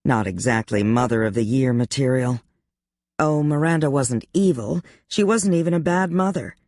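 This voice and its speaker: Measured audiobook narrator, dry close sound. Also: medium pitch, darkish tone, no echo.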